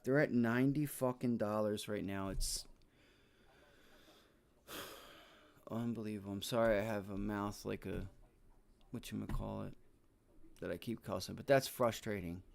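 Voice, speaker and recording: A man streaming his live trading, frustrated and swearing heavily, with shouted outbursts and stretches of low muttering to himself. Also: fairly even intonation, unhurried, creaky, long pauses. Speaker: day trading livestreamer.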